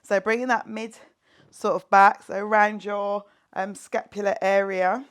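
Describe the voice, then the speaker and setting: Woman fitness instructor, jokey, upbeat rep counting, guided workout, mid-pitched voice. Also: level tone, measured pace, smooth. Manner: playful, jokey, counts reps aloud and cheers on. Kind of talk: guided home workout class.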